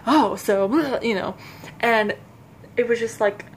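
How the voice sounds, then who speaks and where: A young adult woman vlogging to camera, telling a personal story in a halting, self-conscious way with frequent restarts. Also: on the high side, slight background noise.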